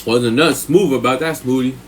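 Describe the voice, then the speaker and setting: A man rambling through a story on a live stream, thick with slang and swearing. He keeps checking in with the listener and his pitch shoots way up whenever he acts out his own thoughts. His voice sits mid-range, with a faint hum of noise behind it. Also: a little fast. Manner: profane, slang-heavy, rambling with filler questions; jumps much higher in pitch when quoting himself.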